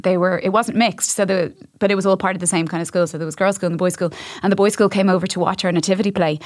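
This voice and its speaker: Woman host, chatty and self-mocking, talks fast, dry close mic. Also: on the low side, fairly even intonation, darkish tone, no echo. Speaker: podcast host. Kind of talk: casual chat.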